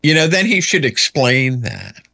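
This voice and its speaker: Male commentator, mid-pitched, emphatic rhetorical questioner with dry sarcasm. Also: very animated, unhurried, vocal fry, pushed and bright. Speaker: political commentary host. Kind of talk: solo political commentary.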